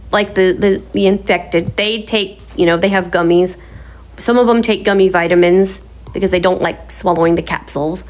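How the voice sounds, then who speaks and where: A woman hosting a casual sit-down vlog from her home kitchen, talking in a bubbly, enthusiastic, chatty way. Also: medium pitch. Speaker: vlog host.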